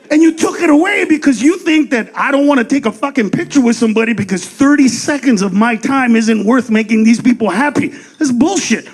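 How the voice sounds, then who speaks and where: A man doing stand-up comedy on stage into a handheld mic, loud, profane and punchy. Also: very high voice.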